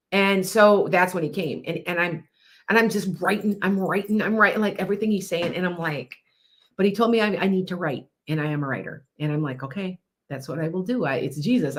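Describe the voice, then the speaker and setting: Rambling woman psychic host, lowish voice. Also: fairly bright tone. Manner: rambling, repeats herself, answers viewers' comments. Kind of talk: casual live-stream chat.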